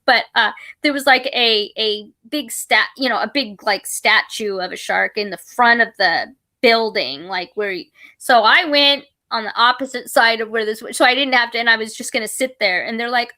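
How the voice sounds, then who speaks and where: A woman's voice: fairly high pitch, moderate pace, no room sound. A middle-aged woman hosting a casual chat, rambling through a personal story with many restarts and fillers. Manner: rambling, full of restarts and fillers, animated retelling.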